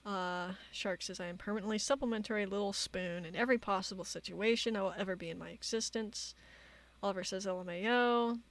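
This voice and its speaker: A woman streamer giving casual commentary, reading out chat logs in a halting way with many fillers. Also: mid-range voice. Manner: halting, many fillers, reads quotes flatly.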